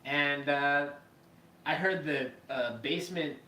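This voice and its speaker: Bright, echoey man telling a story. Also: fairly high pitch, slow. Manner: profane, animated, acts out quoted voices. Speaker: podcast host. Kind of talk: casual storytelling. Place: live podcast room. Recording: echoey room, mic far off, faint noise.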